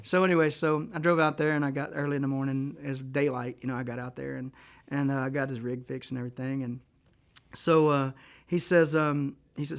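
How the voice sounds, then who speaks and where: A man from Texas, a guest musician telling a long rambling story in a casual, animated way on a radio show. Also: medium pitch, fairly quick.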